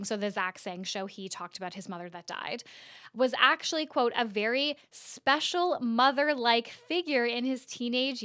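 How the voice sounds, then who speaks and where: A woman with a fairly high, smooth, clear voice hosts a casual news-recap podcast, recorded close and dry. She talks in a chatty way, full of "like" and "so anyways". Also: a bit bright, no echo. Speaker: host of an internet-news podcast.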